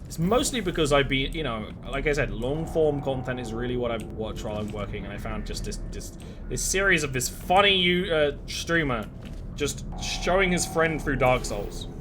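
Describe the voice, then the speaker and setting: A man's voice: medium pitch, expressive, normal speed, over music. A man streaming a game, chatting casually and rambling from one tangent to the next in a self-deprecating way. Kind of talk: casual gameplay chat.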